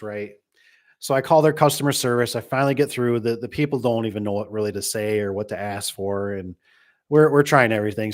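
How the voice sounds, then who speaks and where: A middle-aged man chatting casually with viewers, wandering from one story to the next. He jokes around, restarts his sentences and tosses in asides, with an everyday voice of ordinary pitch. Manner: rambling, joking, many restarts and asides. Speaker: garage door business owner. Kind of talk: casual storytelling to a live chat.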